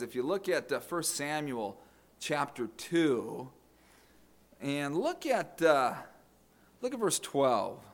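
A middle-aged man preaching a sermon, telling family stories and often repeating words as he restarts a thought. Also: on the high side. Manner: storytelling with acted quotes, repeated words. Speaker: pastor.

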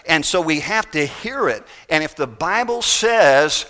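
A male preacher with a bright, forceful voice pitched a little high. He preaches in a folksy, emphatic way, building to loud bursts and then dropping low and soft. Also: lively intonation, unhurried, hardly any pauses. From United States. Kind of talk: sermon.

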